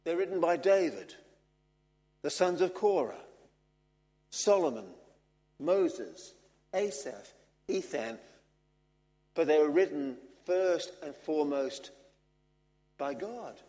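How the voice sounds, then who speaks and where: A man preaching a sermon, earnest and measured, driving his points home with repetition. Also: a little high, animated, mellow. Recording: long hall reverb.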